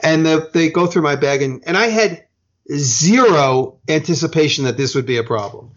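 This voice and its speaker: A man's voice: a little high, expressive, moderate pace. Rambling American man telling a story. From United States. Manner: rambling, self-correcting, profane. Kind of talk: casual storytelling. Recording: dull lo-fi sound.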